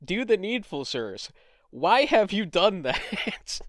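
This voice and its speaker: A man's voice: high voice, big pitch swings, takes it slowly, fairly bright tone, no echo, clean studio sound, voice pushed up, full character voice. Man playing a frantic pleading caller.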